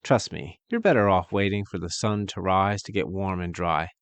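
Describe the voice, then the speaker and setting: A man's voice: sits low, normal speed, clear, resonant tone, no room sound. A man doing a wry, courteous old-world doctor. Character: wry peg-legged male doctor, courteous.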